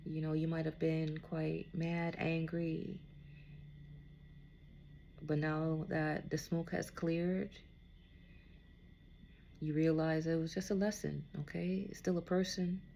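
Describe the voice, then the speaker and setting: Her low, warm voice barely moves in pitch, coming out slowly with vocal fry and long pauses over a faint hiss or hum. She's doing an informal spiritual card reading for someone unseen, soothing them and repeatedly asking "okay?"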